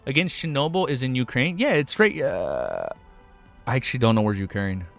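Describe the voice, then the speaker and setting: A young American man reacting to a webnovel on stream, excitable and swearing often, laughing as he talks. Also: mid-range voice, normal speed, creaky, soft background music. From United States. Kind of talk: casual reaction commentary.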